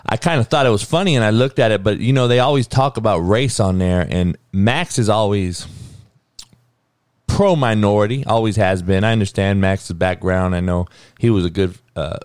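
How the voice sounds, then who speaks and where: Heated male podcast host with a lowish voice: blunt, profane opinion rant with a dry, close sound. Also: normal speed, darkish tone, smooth, no echo.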